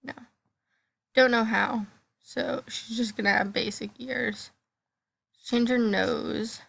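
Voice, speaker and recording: A bubbly female host talks her way through casual gameplay commentary, gushing with excitement. Her voice sits a little high. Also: slow, creaky. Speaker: gaming channel host.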